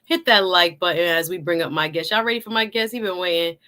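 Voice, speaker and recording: A woman's voice: lowish voice, fast, bright, forceful tone. A woman hosting a live talk stream, chatting, laughing often and reading out viewer comments.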